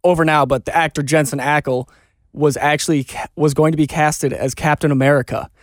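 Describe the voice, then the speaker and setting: A man's voice: on the high side, steady tone, a little fast, no echo, studio quality. A man joining a podcast conversation, chiming in with short asides and trivia. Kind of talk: casual chat.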